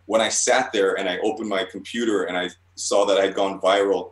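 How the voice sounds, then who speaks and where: A man's voice: low-pitched, steady tone, fairly quick, hardly any pauses, reverberant, low-quality recording. A man telling stories as a guest in a casual interview, rambling, swearing often and stumbling over restarts. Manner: rambling, profane, stammering restarts. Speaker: guest artist.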